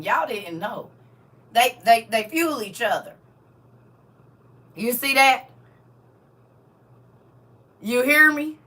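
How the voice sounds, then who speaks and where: A middle-aged woman hosting a livestream, laughing and teasing her viewers in casual chat, with a voice she calls croaky. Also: sits high, a little slow, long pauses, sharp tone, far from the mic. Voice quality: self-described croaky frog voice. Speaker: livestream host.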